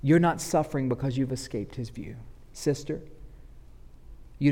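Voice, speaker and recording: A man preaching a sermon, moving from loud, pleading passages to hushed, low ones. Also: moderate pace, creaky, pauses often. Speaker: pastor. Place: church sanctuary. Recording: long hall reverb.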